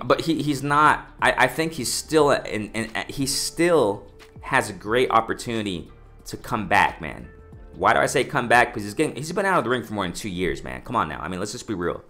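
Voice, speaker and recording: Casting: man, fired-up boxing vlogger, bright forceful voice, lowish pitch, faint music underneath. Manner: excited, repetitive, addresses "ladies and gentlemen", many restarts. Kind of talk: casual commentary monologue.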